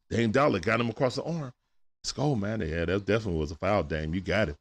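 Streaming live from home late at night, a man narrates a game play-by-play with a fairly low pitch and a fast pace. His casual, excitable delivery swings between quiet asides and abrupt shouting.

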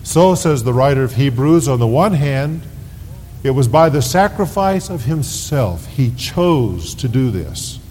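A man preaching a sermon as pastor, slow and deliberate, leaning hard on key words. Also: animated, a little mellow. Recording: 1990s sermon tape with long reverb and faint rumble.

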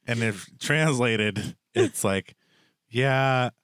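A man's voice: fairly low pitch, normal speed, a bit bright, no echo, clean studio sound. A young man hosting a casual chat, rambling and joking with lots of filler words. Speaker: podcast host.

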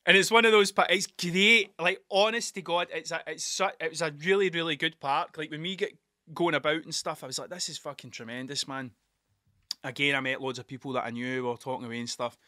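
A Scottish man talks on his own podcast in a loose, rambling way, swearing freely as he goes. His voice sits a little high and comes across bright and tense. The sound is dry, with no room echo. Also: steady tone, fast talker. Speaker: podcast host. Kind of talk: casual solo monologue.

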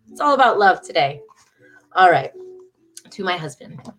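A woman's voice: lowish voice, very animated, moderate pace, soft background music. A woman in her thirties hosting a livestream from home, chatting with viewers and reading her own writing aloud. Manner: emotional, chatty, reads aloud warmly. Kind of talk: casual livestream chat and poetry reading.

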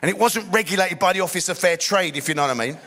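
Bright-voiced man telling his story. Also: high-pitched, fast talker. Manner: blunt, streetwise, frequent "you know" asides. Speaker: speaker giving a personal testimony. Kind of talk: storytelling testimony.

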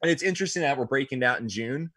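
A young man co-hosting a casual sports podcast, animated and quick to act out quotes in a higher voice. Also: breathy edge, dry recording. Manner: animated, acts out quotes with big pitch jumps. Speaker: podcast co-host.

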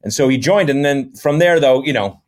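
The speaker is a middle-aged American comedy actor with a mid-range voice at ordinary speed, telling stories in a casual podcast interview. He rambles easily and uses a lot of fillers.

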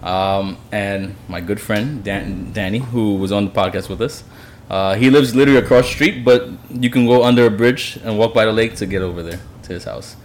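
Male co-host, 30s-ish feel, deadpan, low-pitched; faint noise under the voice. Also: normal speed. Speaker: podcast co-host. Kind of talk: casual drinking-podcast chat.

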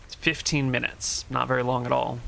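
A man narrating scenes and rules as game master, relaxed and descriptive with frequent fillers. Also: medium pitch, a little fast, gravelly, slight background noise.

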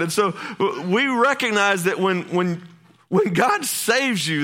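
Bright-voiced passionate pastor. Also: male voice, high-pitched. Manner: passionate, repetitive restarts, folksy asides. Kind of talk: sermon.

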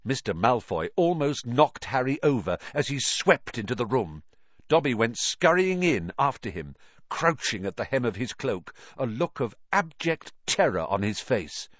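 A man narrating an audiobook in an expressive, dramatic way, on a dull lo-fi recording. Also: medium pitch, normal speed, no room sound.

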